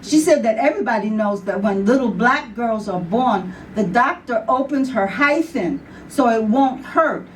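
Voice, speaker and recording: Slow, high-voiced New York poet, storytelling live, mic some distance away with faint room noise. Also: female voice, expressive. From New York City. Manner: storytelling with acted voices and laughter. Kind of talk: live poetry reading. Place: bar with live audience.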